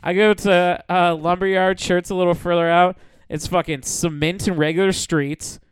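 A man's voice: high voice, level tone, normal speed, clean tone. A young man hosting a casual comedy podcast, swearing a lot and acting out voices as he tells a story. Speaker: podcast host. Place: small studio.

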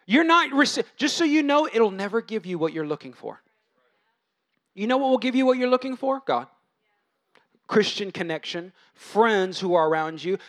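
A man in his thirties with a notably high voice preaches a sermon in a loose, chatty way. He restarts phrases, jokes about home life and acts out voices as he goes. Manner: conversational, animated, acts out quoted voices. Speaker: pastor.

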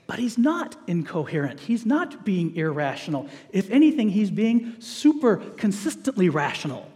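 A middle-aged man delivers a sermon with a fairly high voice and a lively, joking manner. His words ring out with the long reverb of a large hall. He slips in playful asides to the congregation. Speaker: preacher.

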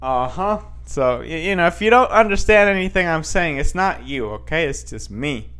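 A man's voice: fairly high pitch, lively intonation, normal speed, fairly bright tone, smooth. Rambling man chatting to viewers. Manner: rambling with many restarts and fillers; talks straight to viewers. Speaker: vlogger. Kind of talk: casual chat reading news headlines.

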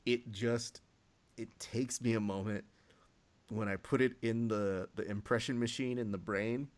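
A man's voice: on the low side, fairly even intonation, unhurried. A man co-hosting a podcast, telling jokes and stories in a casual way. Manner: jokey, storytelling. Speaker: podcast co-host. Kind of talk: casual chat.

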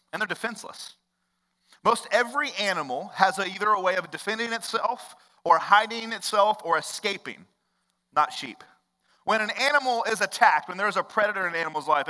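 Man, pastor, young adult, conversational sermon, high voice, long church-hall reverb. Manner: conversational, swings between loud bursts and hushed low lines.

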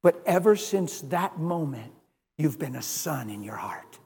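A man preaching a sermon, telling a personal story and swinging from hushed, soft lines to loud, emphatic ones. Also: a little high, big pitch swings, measured pace, vocal fry, husky, in a large hall.

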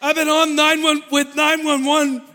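A man telling a funny personal story to an audience, animated and laughing often mid-sentence. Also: very high voice, measured pace, big-room sound.

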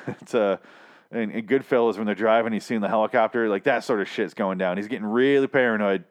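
A man's voice: lowish voice, fairly quick. Rambling, profane man recapping a show. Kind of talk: casual TV recap monologue. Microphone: own microphone.

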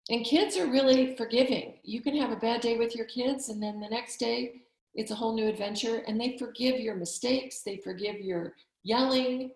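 A woman in her fifties, a physician and summit speaker, offers heartfelt, emphatic encouragement in a conversation. Her voice is a little high with a darkish tone at a moderate pace, and the recording has a roomy echo.

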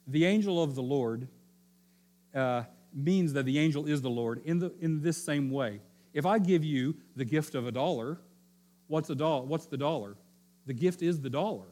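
A man's voice: mid-range voice, a little mellow. Man preaching a sermon, asking "okay?". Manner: teaching, repeats key phrases and checks in with "okay?". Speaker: pastor.

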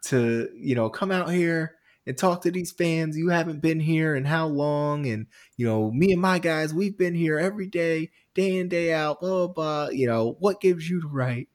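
Man doing a wrestling manager, blustering, indignant, ranting, a little higher than usual. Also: moderate pace, few pauses, lightly acted.

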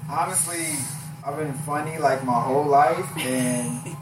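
A man, a comedian guest, talks fast and playfully in a slightly higher voice, slipping into squeaky impressions of hecklers. He sits away from the mic in an echoey room with noise behind. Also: over music. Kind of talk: casual chat. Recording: echoey room, mic far off, noisy background.

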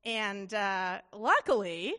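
A woman's voice: mid-range voice, animated, slow pace, bright, forceful tone. A woman speaking to a congregation in a chatty, wry way. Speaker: guest speaker. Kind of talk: casual talk to a congregation. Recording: long reverb hall.

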